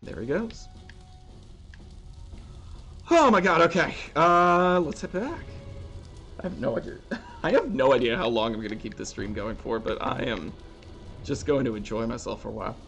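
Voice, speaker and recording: A man's voice: mid-range voice, expressive, fairly quick, gravelly, soft background music. A man streaming a video game, chatting casually and swearing now and then. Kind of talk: casual gameplay commentary.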